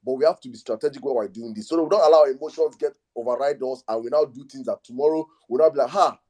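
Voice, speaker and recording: A man hosting a live online discussion, calming speakers and repeating himself for emphasis. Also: mid-range voice, quick pace. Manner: soothing, repeats calming phrases. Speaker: host. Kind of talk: live audio space discussion.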